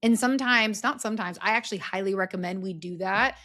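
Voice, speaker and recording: Woman on a podcast telling stories, earnest and expressive, does little quoted voices. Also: medium pitch, fast. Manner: expressive, earnest storyteller with a faith-based tone. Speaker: podcast guest, speaker and story strategist. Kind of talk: casual conversational interview.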